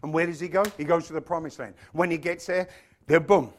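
A man preaching a sermon, animated, acting out voices and swinging from loud exclamations to hushed asides. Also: fairly high pitch, brisk.

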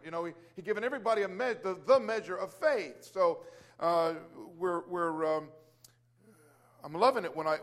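A man's voice: sits high, a bit bright. A man telling a casual faith testimony about praying for a client, rambling with many restarts and fillers and exclaiming Hallelujah. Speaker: Christian business owner sharing testimony.

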